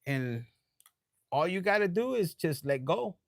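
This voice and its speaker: A man reads tarot live in a loose, profane, slightly tipsy ramble, sprinkling in Spanish. His voice sits a little high and is gravelly with fry. The sound is dry and close. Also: very animated, unhurried, dry recording. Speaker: tarot reader. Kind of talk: casual live tarot reading.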